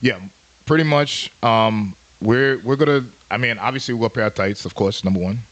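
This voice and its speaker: A man's voice: medium pitch, moderate pace, a bit bright, highs cut off. Brief: male podcast co-host, easygoing and jokey, loops catchphrases. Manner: playful, repeats catchphrases. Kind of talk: casual chat.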